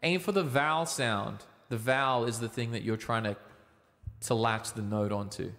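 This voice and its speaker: A young Australian man chatting casually on a livestream, giving relaxed, rambling singing tips with plenty of ums. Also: mid-range voice, moderate pace. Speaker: livestreaming singer and guitarist. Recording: reverby room with guitar behind. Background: guitar playing.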